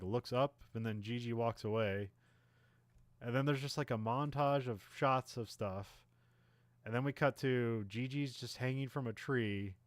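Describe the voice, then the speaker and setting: A man co-hosting a casual podcast, recapping a film in a rambling way, full of "like" and "uh", and briefly acting out the characters' lines. His voice sits at a middling pitch, recorded dry and close with no room sound. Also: no echo. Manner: rambling, many fillers, acts out characters' lines. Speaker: podcast co-host. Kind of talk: casual movie recap chat.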